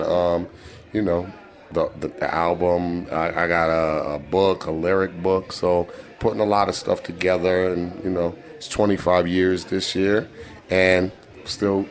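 A rapper in his forties with a Boston accent, talking in a casual interview, laid-back and full of fillers and swearing. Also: low voice.

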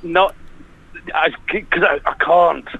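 A man's voice: fairly high pitch, steady tone, slow, vocal fry, breathy edge. A man on a casual phone call, dry and evasive in how he answers.

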